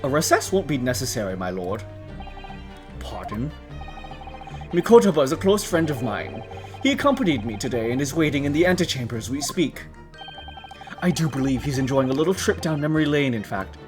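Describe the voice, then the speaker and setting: A man voicing a suave, eccentric British male detective in a game, reading the dialogue in a lowered, plummy, amused voice. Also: sing-song, fairly quick, long pauses, music in the background, lightly acted. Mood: smug.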